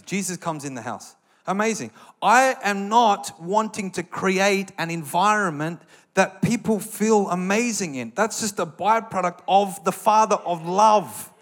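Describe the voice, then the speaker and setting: An Australian man preaching a sermon with passion, building to loud, emphatic bursts. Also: fairly high pitch.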